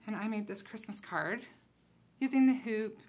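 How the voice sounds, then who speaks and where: A woman's voice: mid-range voice, moderate pace. Chatty woman demonstrating a craft. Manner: chatty, relaxed, thinks aloud while working. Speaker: concept designer demonstrating crafts. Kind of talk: casual craft tutorial.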